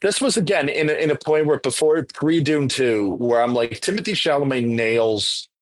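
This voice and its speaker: A man's voice: mid-range voice, moderate pace, no echo. A man co-hosting a podcast, giving enthusiastic, emphatic opinions about films in casual chat. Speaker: podcast co-host. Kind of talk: casual film discussion.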